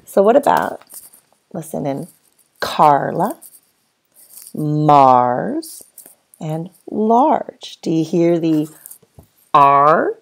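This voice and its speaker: Brief: patient first grade teacher, woman, slow deliberate delivery, low and gravelly. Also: big pitch swings. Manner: slow, clear, patient teacher voice with drawn-out words; speaks as if to children answering off camera. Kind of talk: phonics lesson for young children.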